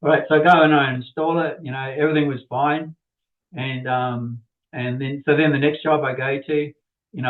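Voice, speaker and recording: A man's voice: mid-range voice, fairly even intonation, brisk. A man, an inventor and podcast guest, telling a rambling story with many restarts and little laughs. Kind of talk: casual storytelling. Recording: tinny phone-like line.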